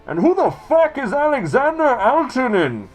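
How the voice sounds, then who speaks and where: A booming, muffled villain speaks from behind a mask, grandiose and threatening, as a man puts on the voice. He is pitched well above the performer's usual talk, with a strained, altered timbre. Faint music plays underneath. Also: sing-song, moderate pace, full character voice. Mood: menacing. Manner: theatrical, booming, menacing reading. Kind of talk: dramatic reading of game text.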